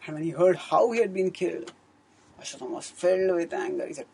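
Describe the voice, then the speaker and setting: A man's voice: high-pitched, fast talker, vocal fry, darkish tone, slightly rough, poor audio. A man giving a scriptural storytelling discourse as a spiritual teacher, in an earnest manner, often correcting himself. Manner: earnest, fluent retelling with frequent self-corrections.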